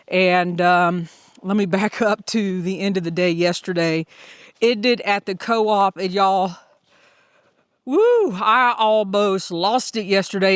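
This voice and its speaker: A middle-aged Southern woman narrates her hiking day in a cheerful, talkative audio vlog. Her voice is smooth and resonant. The recording is dry and close. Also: medium pitch, no echo. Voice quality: upbeat, chatty storyteller. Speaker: hiker vlogger.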